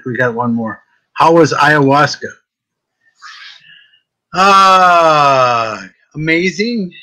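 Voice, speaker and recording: Hosting a relaxed conversation, a psychic medium with a fairly deep voice, ordinary mid-range pitch, and a bright, forceful tone recounts stories animatedly. He keeps restarting and repeating words at the start of thoughts, and the audio quality is low.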